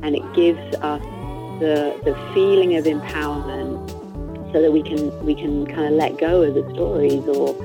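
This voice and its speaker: A woman guest speaking thoughtfully about her work, often pausing to search for words. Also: deep voice, steady tone, over music, rough recording. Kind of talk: reflective conversation.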